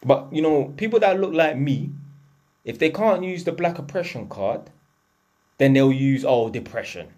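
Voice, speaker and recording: A man's voice: a little high, lively intonation, unhurried, warm tone, lo-fi sound. A man, delivering a blunt, profane, lecturing rant to camera as a vlogger. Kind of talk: unscripted ranting monologue.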